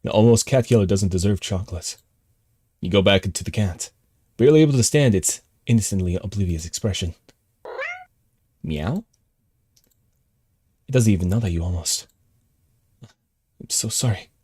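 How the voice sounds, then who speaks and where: A male streamer reading a text game aloud and reacting live, jumping between calm narration and excited outbursts. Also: on the low side, brisk, long pauses, husky, no room sound.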